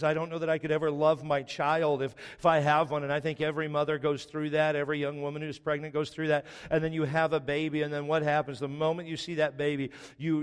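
A middle-aged man preaching a sermon as a pastor, rising to loud emphatic peaks and dropping to quiet storytelling. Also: clear, resonant tone. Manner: impassioned preaching, swells loud and high then drops to storytelling. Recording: long reverb of a large hall.

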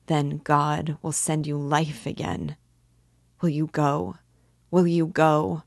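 Brief: devout young woman begging urgently, read by a woman, measured pace, dry room. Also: deep voice, fairly even intonation, no echo. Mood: pleading. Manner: fervent, imploring.

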